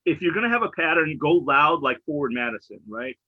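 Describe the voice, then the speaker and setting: A man co-hosting a podcast, calmly reasoning things through in casual chat, on a dull, lo-fi mic. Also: a little high, fairly quick, slightly rough, no echo. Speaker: podcast co-host.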